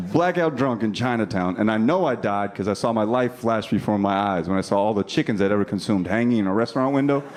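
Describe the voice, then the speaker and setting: A man in his thirties doing a stand-up comedy routine on a club stage, talking brashly with profane crowd work. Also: fairly low pitch. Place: comedy club stage before a laughing audience. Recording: live club sound with audience noise. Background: audience laughter.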